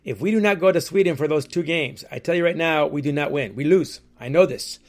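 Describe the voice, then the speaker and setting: A man's voice: on the high side, a little fast, lightly acted. A man putting on a French Canadian accent to voice an emphatic, certain male hockey player. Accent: French Canadian (put on). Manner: emphatic, clipped declarations.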